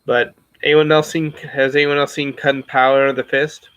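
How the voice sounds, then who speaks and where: A man's voice: medium pitch, little pitch movement, normal speed, a bit bright, clean tone, no room sound, highs cut off. A man casually chatting to his viewers, rambling and self-reflective, with many fillers and restarts. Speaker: YouTuber talking to his viewers. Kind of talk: casual livestream chat.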